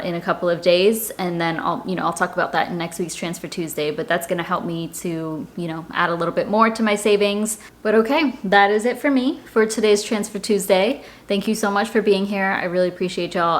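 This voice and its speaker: A woman's voice: on the low side, steady tone, fairly quick, few pauses. A woman giving a casual vlog update on her finances, chatting straight to her viewers. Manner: chatty, talks directly to viewers with "y'all". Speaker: personal finance vlogger.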